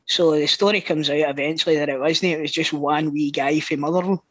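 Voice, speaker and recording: A Scottish man co-hosting a podcast, telling stories in a casual, sweary, animated way. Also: on the high side, a little fast, no echo, poor audio. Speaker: podcast co-host. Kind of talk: casual storytelling.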